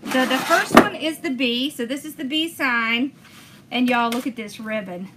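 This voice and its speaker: A woman's voice: high voice, moderate pace, background noise. A woman hosting a crafting video, chatting enthusiastically as she talks viewers through each step. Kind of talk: casual crafting demonstration.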